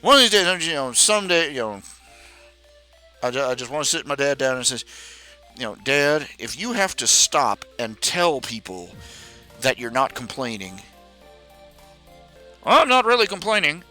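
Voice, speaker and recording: A man's voice: mid-range voice, very animated, normal speed, pauses often, bright, forceful tone, soft background music, rough recording. A man hosting a casual talk stream, ranting with many restarts and jumping into raised, mocking voices when he quotes his parents. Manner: rambling with restarts. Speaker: podcast host. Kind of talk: casual rant.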